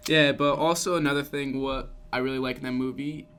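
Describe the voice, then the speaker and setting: A man's voice: medium pitch, steady tone, fairly quick, a bit bright, smooth. A man co-hosting a podcast, chatting casually about films in long, rambling sentences full of restarts. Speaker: podcast co-host. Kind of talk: casual chat.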